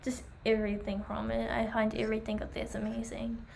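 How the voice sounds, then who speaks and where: A young woman chatting enthusiastically while reviewing pet products, full of fillers, her voice going hoarse. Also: fairly high pitch, monotone, a little fast, a little mellow, a little hiss or hum. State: losing her voice. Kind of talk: casual chat.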